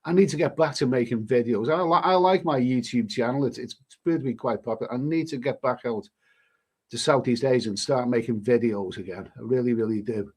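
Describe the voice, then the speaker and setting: Here a travel vlogger, a middle-aged man with a British accent, reads viewer messages during a laid-back livestream. He talks briskly in a mid-range, darkish and slightly rough voice, wandering off track, restarting sentences and swearing lightly.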